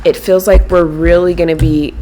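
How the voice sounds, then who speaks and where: A woman giving a casual monthly tarot reading, chatting and murmuring softly as she shuffles cards. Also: fairly low pitch, flat delivery, moderate pace, slight background noise. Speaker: tarot reader. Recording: music in background. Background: clear background music, shuffling cards.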